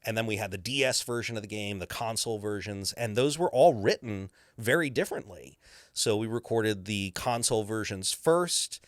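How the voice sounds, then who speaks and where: A man's voice: fairly low pitch, normal speed, no room sound, studio quality. A man who is a voice actor, telling stories animatedly in a podcast interview and slipping into character voices. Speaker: voice actor guest.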